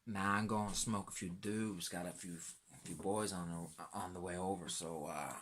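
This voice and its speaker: A man's voice: low-pitched, fairly even intonation, moderate pace, fairly bright tone, slight background noise. A man in a rambling, profanity-laden monologue as a laid-back self-described stoner, sometimes dropping into a whisper.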